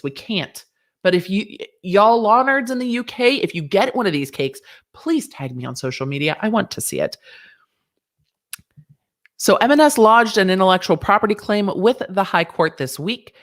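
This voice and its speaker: A woman hosting a casual livestream about a legal case, chatty and sassy with joking asides. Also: medium pitch. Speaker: legal commentary host.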